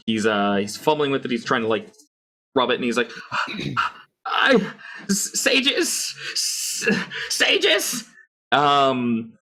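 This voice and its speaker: A man narrating as game master of a tabletop game, describing scenes haltingly with many pauses and restarts. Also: mid-range voice, bright, forceful tone.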